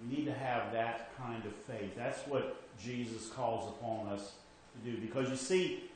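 A man preaching a conversational sermon as pastor, shifting from emphatic to hushed, with frequent restarts. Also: medium pitch, measured pace, heavy reverb, slight background noise, rough recording.

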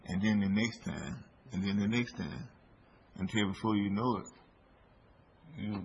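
A man preaching a sermon in a slow, deliberate way, his voice rising for emphasis. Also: on the low side, vocal fry. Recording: dull lo-fi recording with faint background noise.

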